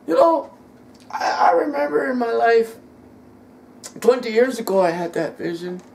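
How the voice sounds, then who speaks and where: A middle-aged man giving an emotional personal testimony, halting and repeating words, sometimes dropping almost to a whisper. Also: very high voice, expressive, creaky.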